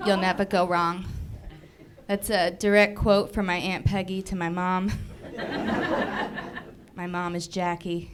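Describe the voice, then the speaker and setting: A woman's voice: mid-range voice, takes it slowly, pauses often, background noise. A young woman in her twenties performing a chatty, self-deprecating stand-up set on a theater stage. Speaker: stand-up comedian. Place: movie theater stage before a live audience.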